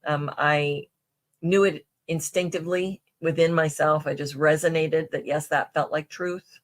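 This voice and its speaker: Speaking in a deep, unhurried voice with fairly even intonation, a woman guest on a podcast rambles through personal stories, often restarting and using fillers in a casual conversational way.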